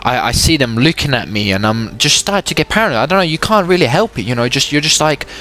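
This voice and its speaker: A man's voice: mid-range voice, expressive, fast talker, bright, forceful tone. A young man giving casual gameplay commentary, rambling along and often stammering and repeating his words. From England. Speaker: gaming commentator.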